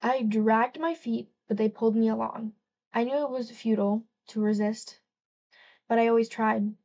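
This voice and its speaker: A woman's voice: mid-range voice, darkish tone, muffled recording. A woman narrating a first-person novel as an audiobook, reading expressively and lightly acting out the dialogue.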